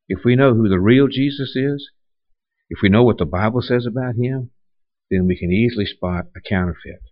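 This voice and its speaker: Low-voiced man preaching a sermon. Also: dry recording, highs cut off. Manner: conversational preaching with repeated restarts and rhetorical questions. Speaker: pastor.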